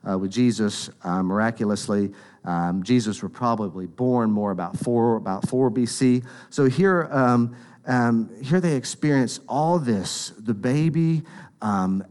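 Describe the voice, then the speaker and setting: A man's voice: medium pitch, a little mellow. A man preaching a sermon in an earnest, conversational storytelling manner.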